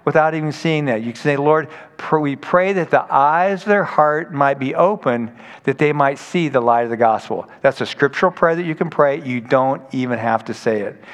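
A pastor preaches a sermon in a conversational, storytelling way, acting out the people he quotes. His voice is a little high and moves at a moderate pace, with long hall reverb on the recording.

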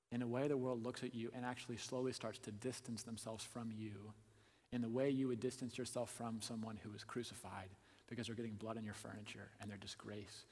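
A man preaching a sermon, asking the listeners direct questions and swinging between hushed asides and loud emphasis. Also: mid-range voice, steady tone, fairly quick. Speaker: pastor. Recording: long hall reverb.

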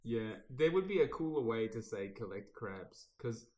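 Young man, mid-pitched voice, casual podcast banter, sarcastic, teasing. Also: sing-song, moderate pace, a little mellow. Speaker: podcast co-host. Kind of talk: casual chat.

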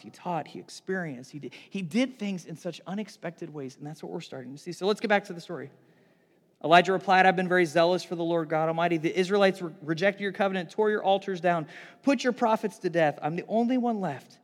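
A man preaching a sermon, retelling a scripture story with animated, excited delivery and frequent restarts. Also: sits high, big-room sound. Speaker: pastor.

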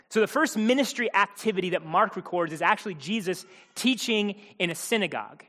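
High-voiced pastor preaching in a reverberant church. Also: male voice, a bit bright. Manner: conversational with joking asides. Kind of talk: sermon. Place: church auditorium stage.

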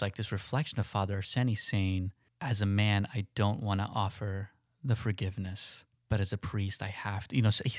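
A man's voice: on the low side, no echo, clean studio sound. A man who is a priest hosts a podcast, talking casually and hesitantly with many fillers. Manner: hesitant, filler-heavy in chat. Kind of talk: casual interview chat and scripted outro.

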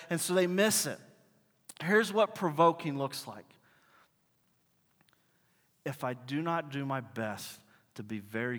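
Bright-voiced male pastor in a reverberant hall. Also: medium pitch. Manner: animated storytelling, acting out dialogue. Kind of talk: conversational sermon. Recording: long reverb in a large hall.

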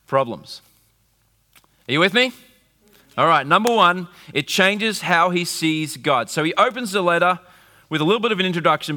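A man in his forties preaches to his church, his voice bright and forward. He tells stories with wry humour. The sound rings out in a long-reverb hall. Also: a little high. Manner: animated storytelling, wry humour. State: recovering from flu. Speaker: pastor. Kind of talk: sermon.

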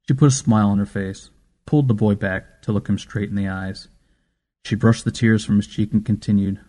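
Mellow male audiobook narrator. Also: fairly low pitch, fairly even intonation, a little fast.

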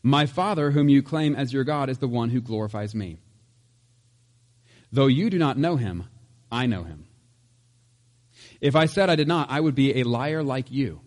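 A man's voice: medium pitch, normal speed, long pauses, darkish tone. A man preaching a casual, conversational sermon, chatty with laughs and asides. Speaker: pastor.

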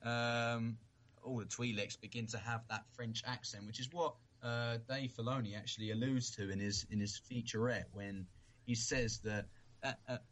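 A man's voice: on the low side, a bit bright. A man co-hosting a podcast in casual chat, earnest and thinking aloud as he talks. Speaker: podcast co-host.

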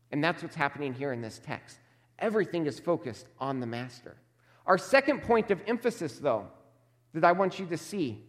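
A man preaching a sermon as a pastor, emphatic and measured, slowing down to stress key words. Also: fairly high pitch, long reverb tail.

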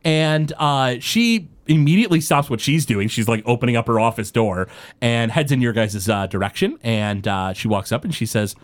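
A man's voice: medium pitch, moderate pace. A man narrating a tabletop role-playing game as game master, in a loose way with many fillers.

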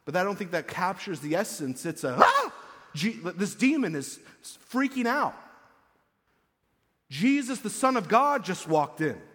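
A fairly high-voiced man preaching to his congregation in a loose, conversational way, animated and given to acting out the lines he quotes. His voice rings with the long echo of a church hall. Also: a little slow. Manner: casual, animated, acts out quotes. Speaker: pastor. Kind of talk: conversational sermon.

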